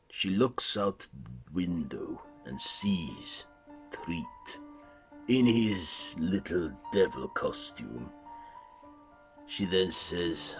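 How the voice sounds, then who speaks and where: Very deep-voiced man retelling a horror plot. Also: slow, soft background music. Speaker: horror channel host.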